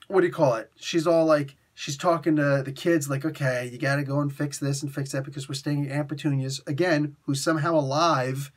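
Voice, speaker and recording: A man's voice: on the high side, fairly bright tone. A man hosting a casual comic book review, talking in a rambling, chatty way full of fillers and restarts.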